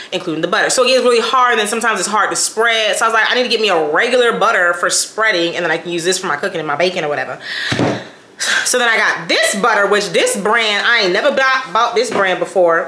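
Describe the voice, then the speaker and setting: A young woman talks her way through a shopping haul in a loose, rambling vlog. Her voice has a bright, crisp edge, and she keeps breaking into laughter and slangy asides. The room around her is hollow and echoey. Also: medium pitch. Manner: colloquial, says "child" and "y'all". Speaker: lifestyle vlogger. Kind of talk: casual chatty haul vlog.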